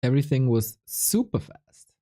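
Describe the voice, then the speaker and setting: A man's voice: medium pitch, normal speed. A male esports caster talks through a live stream in a loose, conversational way, bantering with chat. He sounds worn out and slightly under the weather, with a voice sitting in an ordinary middle register. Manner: relaxed, chatty, joking with chat. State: tired and a bit unwell. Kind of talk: casual live-stream commentary, chatting with viewers.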